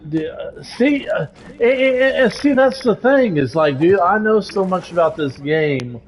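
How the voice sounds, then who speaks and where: A man's voice: high voice, animated, unhurried. A man chatting casually while building in a video game, hesitant with lots of fillers, swearing at the game when it goes wrong. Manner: frustrated, hesitant, many restarts and fillers. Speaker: streamer playing a building game. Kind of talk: casual chat while gaming.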